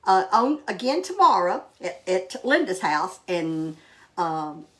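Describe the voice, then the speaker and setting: A woman's voice: fairly low pitch, sing-song, takes it slowly. An older woman hosting a casual cooking vlog, talking in a homey, rambling way with many fillers. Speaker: cooking show host.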